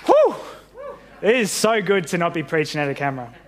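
Animated man reading a children's story. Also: on the high side, fast, a little hiss or hum. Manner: animated storyteller, friendly and lively with kids. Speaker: pastor.

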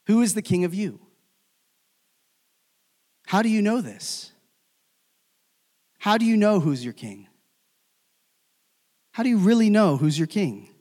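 A man preaching a sermon as pastor, swinging from loud emphatic calls to hushed, near-whispered endings. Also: high voice, lively intonation, unhurried, pauses often. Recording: long hall reverb.

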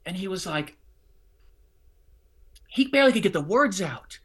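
A middle-aged man telling a personal story in conversation, expressive and bursting into loud excited outbursts. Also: high-pitched, measured pace, husky. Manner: expressive, swings into loud excited outbursts when acting out scenes. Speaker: guest, charity fundraising speaker.

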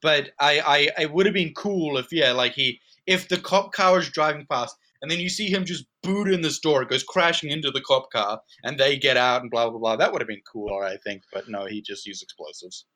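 A man's voice: mid-range voice, fairly quick, hardly any pauses, bright, forceful tone. A man hosting a casual movie-review podcast, talking animatedly and laughing often. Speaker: podcast host.

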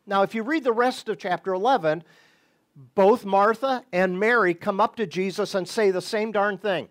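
A man teaching on a Bible passage in a deliberate way, with sudden bursts of emphasis. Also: high-pitched.

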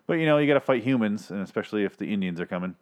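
A man's voice: lowish voice, animated, racing. A man hosting a casual TV review podcast, rambling, sarcastic and profane, often interrupting himself. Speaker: podcast host reviewing TV episodes.

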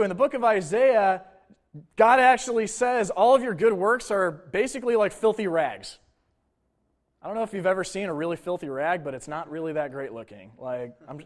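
A male pastor preaching in a relaxed, conversational manner, his voice sitting a little higher than most men's. He mixes scripture reading with casual asides and questions to the congregation. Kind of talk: sermon.

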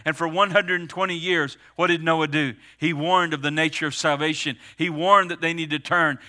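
Bright, high-pitched male preacher. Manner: preaching with emphatic pauses and slowed stresses. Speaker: pastor. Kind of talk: sermon.

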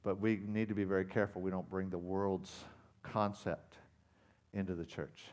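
A man preaching a sermon as pastor, retelling a parable with dramatic emphasis that swings from loud to quiet. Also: low-pitched, level tone, normal speed. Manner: dramatic storytelling, loud rising emphasis then quiet intensity.

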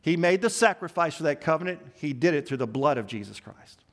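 A man's voice: fairly high pitch, expressive, brisk. A man preaching a sermon, emphatic and building long repeated lists.

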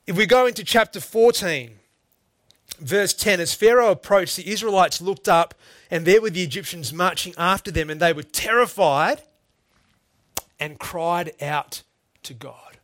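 Earnest man preaching, high-pitched. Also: a little slow, a bit bright, no echo. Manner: earnest, emphatic, addresses listeners as "folks". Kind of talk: sermon.

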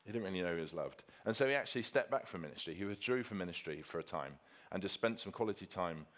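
A man's voice: low-pitched, expressive, quick pace, fairly bright tone. A man preaching a sermon with slides, earnest and emphatic, repeating key phrases for stress.

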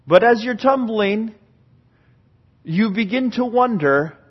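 A man preaching a sermon in an earnest style, swinging from hushed passages to fervent ones. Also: high voice, lively intonation, slow, long pauses, husky, dull audio. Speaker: pastor.

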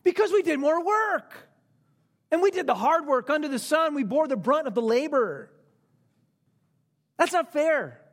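A man voicing a group of male day laborers who shout their demands loudly. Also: extremely high pitch, animated, a little slow, long pauses, pitched above the performer's own voice, full character voice. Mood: indignant. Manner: loud exclamations. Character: boisterous group of male day laborers, greedy then indignant.

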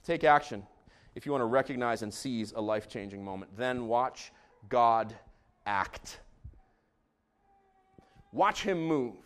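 A man preaching a sermon as pastor in a church, swinging from hushed tones to shouting. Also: medium pitch, lively intonation, a little slow, pauses often. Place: church sanctuary.

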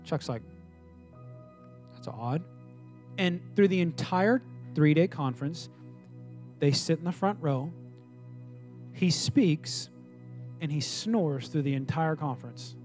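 A pastor preaching a sermon, telling a story with lively acted-out dialogue. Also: male voice, a little high, unhurried, pauses often, soft background music. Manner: animated storytelling, voices quoted people.

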